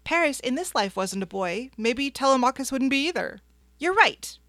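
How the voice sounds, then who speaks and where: A woman reading a first-person audiobook in a soft, reflective way. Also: high voice, lively intonation, normal speed, dry recording. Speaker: narrator.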